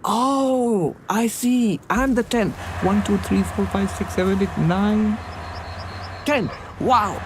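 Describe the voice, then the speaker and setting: A man voicing an anxious male traveler who keeps counting his friends, rising to a high excited tone. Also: fairly quick, close to an everyday voice. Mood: anxious, eager. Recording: vehicle noise behind.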